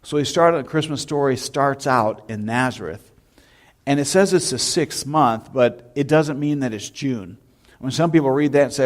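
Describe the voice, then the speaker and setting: A man's voice: mid-range voice, normal speed. Man preaching a storytelling sermon. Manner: storytelling, animated anecdotes with shouted imitations. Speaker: pastor. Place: church sanctuary.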